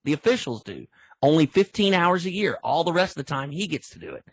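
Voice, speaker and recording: A middle-aged veteran football referee tells stories in a casual podcast interview, his voice on the high side and quick, with no room sound. He's an animated storyteller who acts out exchanges from the sideline.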